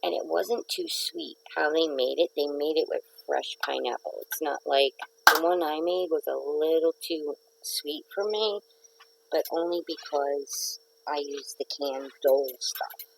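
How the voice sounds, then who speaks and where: A middle-aged woman hosts a relaxed live stream from her house, talking slowly with a gravelly rasp. She rambles and chats with viewers, and a dog barks faintly outside. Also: low voice, a little hiss or hum, poor audio. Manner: chatty, rambling, talks to commenters by name. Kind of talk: casual live chat to viewers. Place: at home. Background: neighbor's dog barking.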